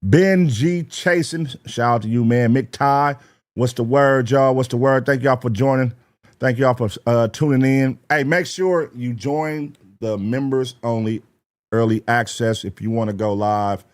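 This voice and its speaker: A man's voice: mid-range voice, measured pace. Hyped, slangy male reaction streamer. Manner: loose, laughing, profane slang, shouting out chat names. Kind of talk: live-stream reaction commentary.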